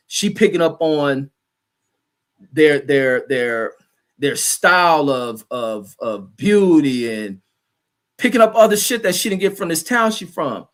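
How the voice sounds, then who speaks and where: A man's voice: on the high side, a bit bright. A man hosting a livestream, ranting in heated, rambling, profane commentary and answering chat comments. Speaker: livestream host.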